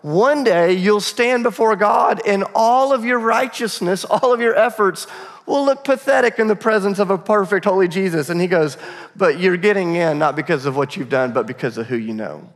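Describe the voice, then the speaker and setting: Man preaching, somewhat high voice, conversational storytelling, long church-hall reverb. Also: moderate pace. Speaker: pastor. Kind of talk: sermon. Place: church auditorium.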